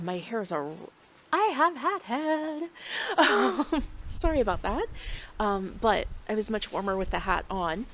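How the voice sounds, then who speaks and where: A middle-aged woman hosting a knitting podcast from home, talking in a candid, rambling casual chat. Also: mid-range voice. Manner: chatty and candid, rambling with fillers.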